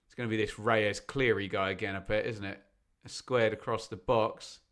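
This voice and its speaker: A man's voice: lowish voice, fairly even intonation, moderate pace, a bit bright. A man hosting a live football watch-along, chatting and joking as he reads out viewers' locations. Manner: chatty, jokey, bursts into snatches of song. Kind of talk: live-stream chat reading out viewers.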